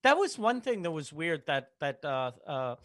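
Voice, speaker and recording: A comedian in a casual podcast chat, telling self-mocking, profane stories. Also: male voice, fairly high pitch, sing-song, moderate pace, a bit bright, no echo, clean studio sound.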